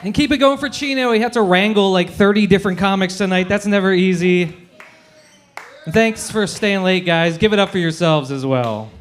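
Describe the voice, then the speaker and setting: A man's voice: sits high, slight background noise. A man opening his stand-up set by thanking the host and audience. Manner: friendly, thanking the room. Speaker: stand-up comic.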